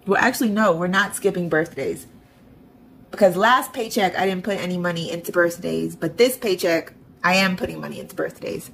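Fairly quick and on the low side, a woman's gravelly, vocal-fry voice with a fairly bright tone narrates her budgeting and bill transfers in online banking. As a vlogger she chats to herself and adds sarcastic comments. The audio is low quality, with a little hiss or hum.

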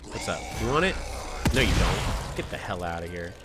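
Jumpy male gamer over loud music. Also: deep voice, big pitch swings, moderate pace. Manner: jumpy, swings from muttering to yelling. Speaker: gaming streamer. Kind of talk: live horror game commentary. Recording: game music loud behind voice.

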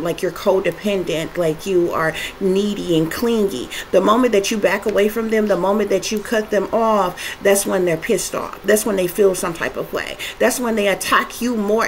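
A woman delivering a spiritual tarot reading straight to her viewers. Her voice sits at a middle pitch and she speaks emphatically, piling up long repetitive lists and swearing often. A faint background noise runs under her voice. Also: low-quality recording. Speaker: tarot reader.

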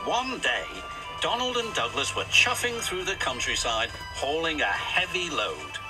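A man reads a children's storybook tale aloud with an expressive, animated delivery. His pitch sits a little high and swings widely. Music plays steadily behind him. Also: unhurried. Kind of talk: storybook narration.

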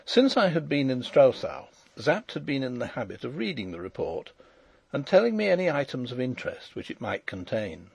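Man, audiobook narration, gravelly, lively pitch, dry close sound. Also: moderate pace, dry recording. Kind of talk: first-person audiobook narration.

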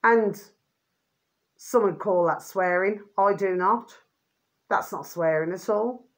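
A woman's voice: mid-range voice, slow. A middle-aged woman, talking to camera in a rambling, casual monologue. She keeps repeating a pet phrase and swears freely. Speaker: vlogger.

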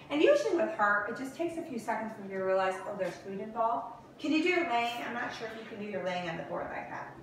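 A woman's voice: medium pitch, animated, fast, far from the mic. A woman dog trainer chats casually and coaxes a puppy with lilting, sing-song calls. She sits some way from the mic in a very echoey room, with a faint hiss behind her.

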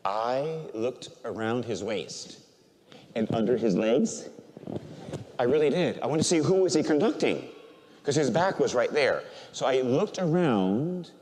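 An older man, a priest, preaching a sermon and telling an emotional personal story, swinging from loud proclamation to quiet, near-tearful speech. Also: mid-range voice, expressive, measured pace, long reverb tail.

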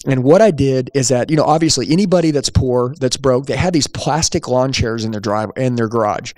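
Energetic man telling a story, dry sound. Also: medium pitch, brisk, no echo. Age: young adult at the time of the story, now older. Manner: energetic, emphatic, quotes people in dialogue. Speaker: podcast host, sales trainer. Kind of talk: storytelling monologue.

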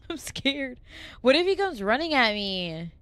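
A woman's voice: sits high, very animated, takes it slowly, a bit bright, dry recording. A young adult woman streaming a horror game live, easily spooked and swearing, chatting to viewers and thanking them between frights. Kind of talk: casual live gameplay streaming.

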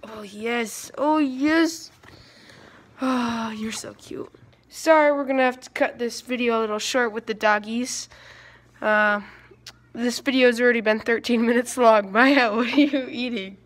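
Indoors at home, a teenage girl records a casual phone vlog, chatting playfully to her dogs and her viewers in a slightly high voice at normal speed with fairly even intonation.

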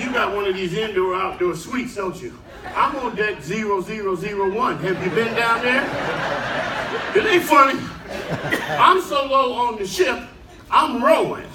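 An older man tells stand-up stories in a high, swooping voice and belts out his punchlines. He is heard from a distance in an echoey ship lounge. A noisy crowd laughs over him. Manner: animated storytelling, shouting punchlines, high-pitched put-on cries. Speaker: stand-up comedian. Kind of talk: stand-up comedy set. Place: cruise ship show lounge with a live audience. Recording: roomy live audio from far off, loud crowd.

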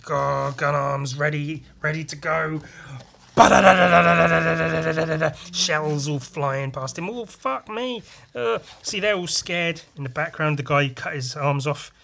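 A man hosting a podcast, chatting casually and excitably, with lots of swearing and homemade sound effects. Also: fairly high pitch, measured pace, gravelly. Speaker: podcast host and comic artist. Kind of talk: casual chat walking through comic pages.

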